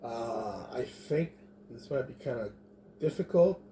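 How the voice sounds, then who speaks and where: A man thinks through his moves in a tabletop game, talking slowly in a mellow, dark voice. He plans aloud with pauses and fillers. A faint hum sits behind him. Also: mid-range voice, animated. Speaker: player.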